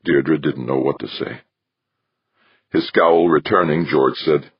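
A man narrating an audiobook in a measured, steady reading. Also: extremely low pitch, breathy edge, no room sound, highs cut off. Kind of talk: scripted narration.

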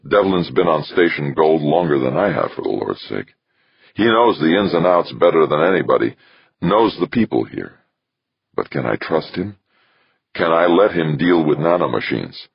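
A man's voice: extremely low pitch, very animated, moderate pace, creaky, husky, no room sound, heavily acted. A man voicing a worried, earnest middle-aged station director. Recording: dull lo-fi recording.

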